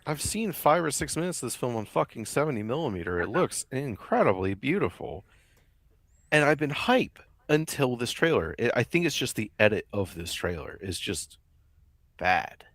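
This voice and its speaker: A man's voice: medium pitch, big pitch swings, moderate pace, fairly bright tone, dry recording. A man co-hosting a podcast, chatting casually about film trailers, joking and swearing freely. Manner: jokey, blunt, swears freely. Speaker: podcast co-host. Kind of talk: casual chat.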